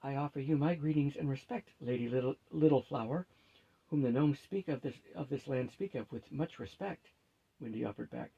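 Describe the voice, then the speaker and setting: A man reading a fantasy novel aloud at a steady, unhurried pace, lightly shifting his pitch for each character. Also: creaky, husky, phone-quality sound. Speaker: storyteller.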